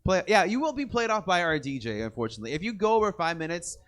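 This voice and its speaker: A man's voice: sits high, sing-song, fast, fairly bright tone. A young man emceeing a poetry slam in a loose, rambling, joking way, hyping the crowd. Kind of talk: casual emcee banter to a live crowd. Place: indoor poetry venue with audience.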